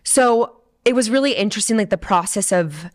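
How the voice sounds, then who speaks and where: A woman's voice: medium pitch, lively intonation, a little fast. A woman in her twenties, a podcast host, telling a personal story in a candid, emotional, chatty way, full of fillers and the odd swear. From San Diego, USA. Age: 20s. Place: studio.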